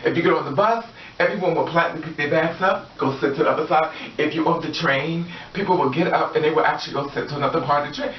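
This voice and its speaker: A woman's voice: deep voice, rapid-fire, hardly any pauses, slight background noise. A woman talking to camera in a casual vlog monologue, sassy and profane, laughing often and acting out what people said. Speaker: vlogger. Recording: roomy, distant, dull lo-fi audio.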